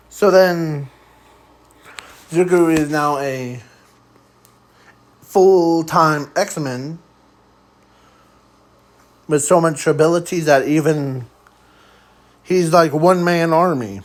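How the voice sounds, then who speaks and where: Very slow, rambling male storyteller. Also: a little high, rough recording. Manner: rambling and halting, trailing off with frequent fillers. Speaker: fan storyteller. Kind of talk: improvised fan story narration.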